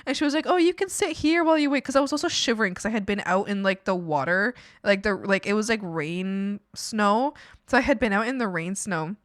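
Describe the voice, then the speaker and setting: A woman's voice: medium pitch, a little fast, dry recording, studio quality. A young woman streamer telling a rambling story in casual chat, with lots of fillers and laughter. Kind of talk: casual storytelling while drawing.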